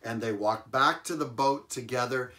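A man's voice: mid-range voice, moderate pace. Chuckling male preacher telling a Bible story. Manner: animated storytelling with chuckles and emphatic repetition. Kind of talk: sermon retelling a Bible story.

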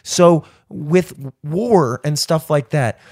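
A man on a podcast ranting freely and cursing often, his voice sitting a little high. He leans hard on his points. The sound is dry and close, with no room around it. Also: animated, slow pace, a little mellow, dry recording. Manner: ranting, profane, emphatic. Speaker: podcast guest. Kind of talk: casual chat.

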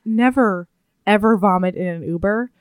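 A woman's voice: mid-range voice, smooth, dry recording, clean studio sound. A woman co-hosting a casual podcast, retelling a story in a chatty way and acting out the lines of the people in it. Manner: chatty, quick retelling with acted quotes. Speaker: podcast co-host. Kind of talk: casual chat, recapping a book.

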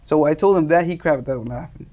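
A young man from Colombia, a native Spanish speaker, telling casual stories as an interview guest, animated and laughing often. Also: fairly high pitch, brisk. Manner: animated, laughing, acts out quoted voices. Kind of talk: casual storytelling.

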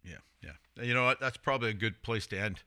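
Bright-voiced man chatting on a podcast. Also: fairly low pitch, brisk, smooth. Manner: rambling with frequent restarts. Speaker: podcast host and coach. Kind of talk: casual podcast conversation.

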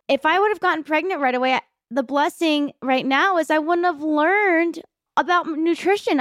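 Thirtyish woman host, a bit high voice, chatting candid and reflective on a dry close mic. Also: dry recording. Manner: open, reflective, speeds up and slows down. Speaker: podcast host. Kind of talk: candid personal talk.

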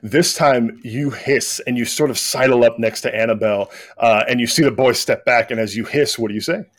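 A man narrating as game master of a tabletop game, relaxed, with frequent hesitations. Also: mid-range voice, brisk.

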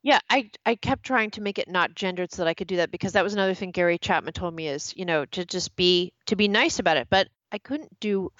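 A woman's voice: fairly low pitch, quick pace, few pauses, fairly bright tone, dry recording, muffled recording. A woman guest in a casual interview who tells stories animatedly and acts out quoted dialogue. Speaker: author guest.

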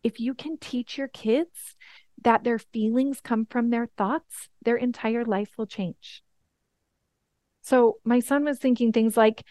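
A woman's voice: fairly high pitch, fairly even intonation, takes it slowly, a little mellow, dry recording. A woman in her thirties teaching a coaching webinar, earnest and encouraging, often checking in with "right?". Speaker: life coach.

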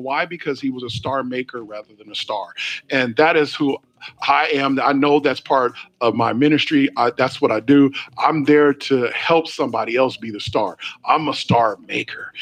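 A man preaching a sermon, reading scripture slowly and talking straight to his listeners in a chatty way. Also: fairly high pitch, fairly bright tone. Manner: preachy and conversational, reads scripture slowly, asks the listeners directly. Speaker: pastor.

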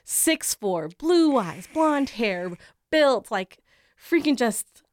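A young adult woman co-hosting a podcast, telling a story in an animated way and laughing often mid-sentence. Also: on the high side, very slow, no echo, studio quality. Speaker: podcast co-host. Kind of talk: casual chat, storytelling.

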